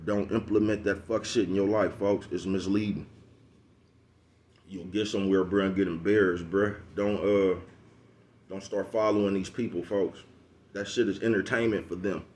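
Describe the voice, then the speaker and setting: A man's voice: low voice, steady tone, moderate pace, a little mellow. A man giving a casual, profane advice monologue, preaching to his listeners and leaning on repeated asides like "you know what I'm talking about". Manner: slangy, calls listeners bruh and folks. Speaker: vlogger giving street advice.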